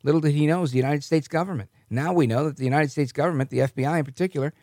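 A man's voice: a little high, racing, a little mellow, no echo, clean studio sound. A man from New Jersey giving a conversational political commentary monologue, often asking "right?" and reading news reports aloud. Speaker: commentary host.

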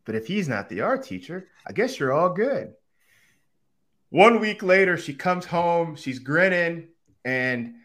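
A man chatting as a guest on a podcast, with a voice sitting at an ordinary middle pitch. He tells stories with lots of energy, jumping up in pitch when he acts out what others said. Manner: animated storyteller who acts out quoted voices with big pitch jumps. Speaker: podcast guest, quarterback coach and former TV analyst. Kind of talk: casual podcast conversation.

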